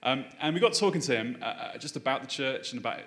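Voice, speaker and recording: A man's voice: mid-range voice, expressive, quick pace, fairly bright tone. A man from Liverpool preaching a sermon and reading aloud from the Bible, chatty and a little hesitant, with touches of light humour. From Liverpool, England.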